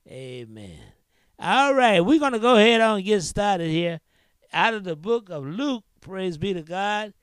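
A man pastor preaches in an unhurried, sing-song cadence. He drops in amens constantly and punctuates phrases with a rhythmic "huh". His voice is smooth and resonant, and it sounds close and dry. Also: high-pitched, no room sound. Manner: frequent interjected amens and hallelujahs. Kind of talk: sermon.

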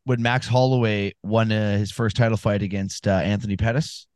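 A man's voice: lowish voice, fairly even intonation, normal speed, darkish tone, no room sound. A man co-hosting a casual sports podcast, telling rambling, profane stories and giving fight picks. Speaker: podcast co-host.

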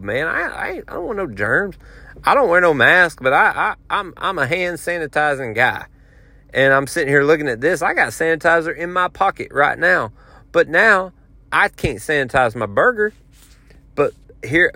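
A man telling a long story in a casual, rambling, animated way. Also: on the high side, dry recording. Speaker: podcast host.

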